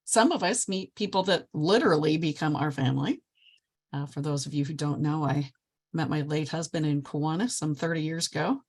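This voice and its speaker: Older woman telling lively stories. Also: sits low, brisk. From Nebraska. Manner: lively, enthusiastic storyteller. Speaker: past president of a service club. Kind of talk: motivational speech.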